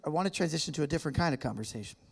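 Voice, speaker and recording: A man's voice: fairly high pitch, animated, very fast, vocal fry, slightly rough, soft background music. Chatty American man addressing a church crowd. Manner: chatty, joking, interacts with the crowd. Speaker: guest speaker. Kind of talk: casual talk to a church audience. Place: church hall with a live audience.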